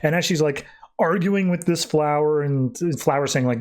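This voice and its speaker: A podcast host recaps a comic issue in relaxed, chatty fashion. His voice sits slightly high for a man. He keeps the retelling animated with quick quoted lines. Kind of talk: casual comic book recap.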